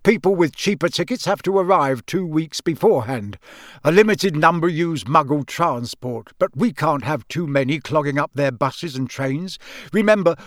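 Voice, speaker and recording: Man doing a gentle cheerful wizard dad, slightly high voice, patient explaining, dry close sound. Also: dry recording, natural voice. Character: mild, cheerful middle-aged wizard father.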